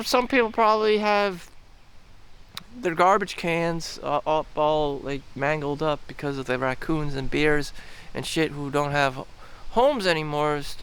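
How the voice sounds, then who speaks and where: A man's voice: fairly high pitch, gravelly, fairly bright tone, slight background noise. Rambling young man. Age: young adult. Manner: rambling, frequent fillers and restarts, profane. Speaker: vlogger. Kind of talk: casual rambling monologue. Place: outdoors in a town.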